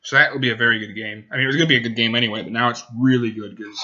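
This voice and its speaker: A man's voice: medium pitch, steady tone, racing, few pauses, sharp tone, muffled recording. A man hosting a casual sports podcast, rambling and correcting himself as he goes. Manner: rambling, self-correcting, talks to his dog. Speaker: podcast host.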